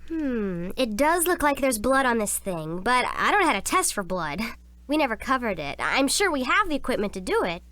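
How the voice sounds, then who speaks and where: A woman voicing a bright, science-savvy teenage schoolgirl in a video game, expressive and sincere. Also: on the high side, moderate pace, dry recording. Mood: helpful.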